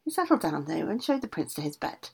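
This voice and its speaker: Lively, husky woman reading a fairy tale. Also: low voice, fast. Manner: lively, with casual asides. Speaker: storyteller.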